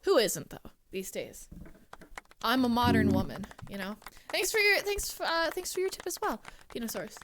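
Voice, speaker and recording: A young woman in her twenties streaming live, excitedly thanking donors, swearing and fighting back tears. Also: a little high, normal speed, noisy background. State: close to tears. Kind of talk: casual live-stream chat.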